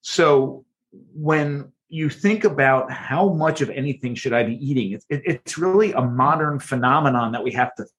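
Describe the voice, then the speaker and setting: A man's voice: medium pitch, lively intonation, normal speed, fairly bright tone, slight background noise. A man being interviewed as a guest author, explaining with energy and frequent restarts. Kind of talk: podcast interview.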